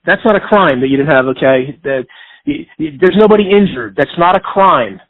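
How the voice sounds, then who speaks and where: A man's voice: on the high side, expressive, normal speed, no room sound. A man hosting a radio talk show, lecturing insistently and repeating his points. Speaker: radio host giving legal advice. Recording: dry phone-line sound.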